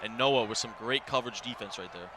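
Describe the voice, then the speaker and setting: A man's voice: medium pitch, quick pace, a crowd in the background, noisy background. A man giving color commentary on a competitive video game match, breaking down formations and coverage. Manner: analytical, breaks down plays. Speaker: esports analyst.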